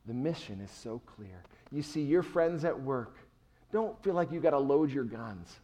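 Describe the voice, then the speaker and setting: A middle-aged male pastor preaching a sermon with emphatic swings between soft and loud delivery. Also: medium pitch, lively intonation, normal speed.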